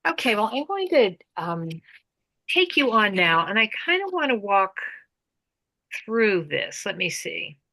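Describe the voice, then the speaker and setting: A woman's voice: mid-range voice, big pitch swings, unhurried, pushed and bright, poor audio. A woman facilitating a group discussion over a video call, speaking thoughtfully and guiding the others.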